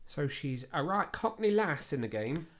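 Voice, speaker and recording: A man's voice: fairly high pitch, sing-song, normal speed. A man co-hosting a podcast, talking casually with lots of fillers and self-deprecating asides. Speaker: podcast co-host. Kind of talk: casual chat.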